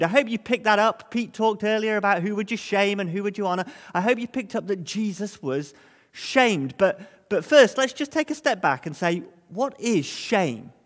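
A man gives an all-age sermon in a church, and his fairly high voice rings with a long echo off the walls. He tells small everyday stories and briefly acts out the voices of people in them. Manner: lively storytelling, acts out voices of scolding parents and children. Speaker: preacher.

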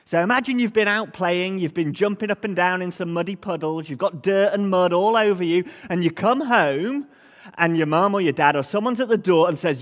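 A man gives an all-age sermon in a church, and his fairly high voice rings with a long echo off the walls. He tells small everyday stories and briefly acts out the voices of people in them. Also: brisk. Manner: lively storytelling, acts out voices of scolding parents and children. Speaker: preacher.

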